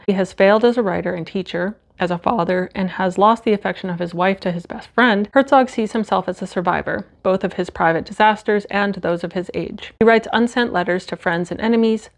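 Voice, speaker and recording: A young woman from Canada talks through her new books in a relaxed, chatty way. She often drops in fillers like "like" and "uh", and sometimes reads the back-cover text aloud. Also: medium pitch. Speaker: booktuber. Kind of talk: casual book haul chat with read-aloud blurbs. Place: home.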